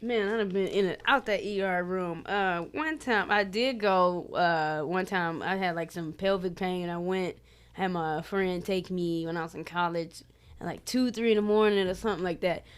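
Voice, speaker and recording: A woman's voice: on the low side, moderate pace, smooth. A woman from Cleveland, Ohio, a comedian guest, telling stories in casual chat and acting out the people in them. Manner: animated storytelling, acts out quotes with laughter.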